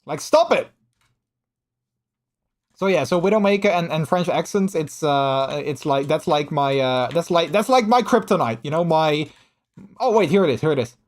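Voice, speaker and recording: A man chatting casually on a live stream in an animated, gushing way, full of restarts. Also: a little high, moderate pace.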